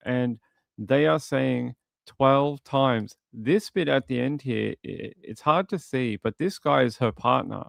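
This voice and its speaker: A man casually commenting on a crime video, with animated, mocking retellings of what people said. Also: medium pitch, takes it slowly, gravelly, dry recording.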